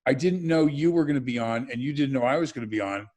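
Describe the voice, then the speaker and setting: A man chatting as an interview guest over a video call, telling stories with quick asides and restarts. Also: mid-range voice, darkish tone. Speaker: interview guest, former reality show participant. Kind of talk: storytelling interview chat.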